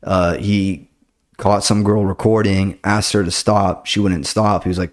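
A laid-back young man with a fairly low voice tells work stories on a casual podcast. He swears freely and drops into quick voices for the people he argues with. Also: flat delivery. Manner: laid-back, swears a lot, retells arguments in quoted voices. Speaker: podcast host and comedy club door staff. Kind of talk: casual chat.

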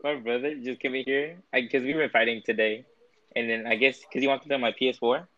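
A man's voice: mid-range voice, fairly even intonation, brisk, a bit bright, dry recording, muffled recording. Laid-back young man telling a story. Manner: laid-back, slangy, laughs between words. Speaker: friend in a group call. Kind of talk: casual storytelling.

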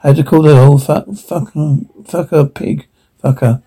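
An actor playing a broke, bitter blue-collar father in an animated comedy, ranting profanely and full of self-pity. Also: on the high side, normal speed, breathy edge. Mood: despairing.

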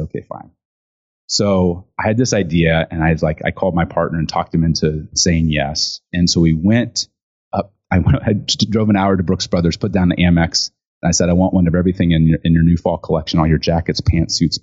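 Talking fairly quickly in a low pitch, an author and speaker on gifting tells an interview story in a lively, chatty way. He performs other people's lines, with lots of fillers and restarts, on a dull, lo-fi recording.

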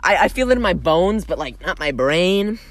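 A woman's voice: on the low side, lively intonation, no echo. A woman doing a rambling stand-up comic in her thirties. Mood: deadpan. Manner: rambling, self-deprecating, halting. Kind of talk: mock stand-up routine.

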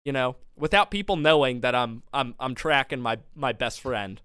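A man's voice: medium pitch, expressive, moderate pace, bright, forceful tone, clear, resonant tone, no room sound, studio quality. A young man hosting a podcast, telling a long story in casual chat and laughing often. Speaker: podcast co-host. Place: home studio.

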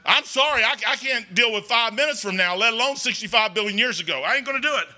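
A man's voice: extremely high pitch, animated, quick pace, hardly any pauses, bright, forceful tone. A man preaching a folksy, rambling sermon in a church, talking emphatically and conversationally.

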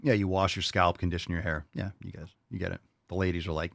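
A man's voice: low voice, fairly even intonation, fast, gravelly, dry recording. A man hosting a podcast and answering listener questions in casual chat, blunt and profane, mocking with disbelief. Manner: blunt, profane, mock-incredulous.

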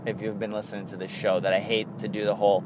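A man with a New York accent hosting a casual solo sports podcast, rambling and excitable, laughing often. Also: on the low side, quick pace, background noise. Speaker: podcast host.

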